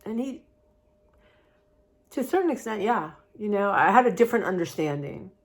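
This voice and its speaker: A woman's voice: mid-range voice, animated, moderate pace. A woman talking candidly in a personal vlog, rambling and heartfelt in a confiding way. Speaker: vlogger.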